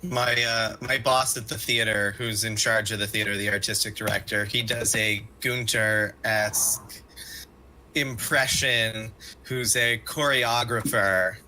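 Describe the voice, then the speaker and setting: Bright, forceful lowish male voice. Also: fairly even intonation, measured pace, slight background noise, low-quality recording. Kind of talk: casual chat.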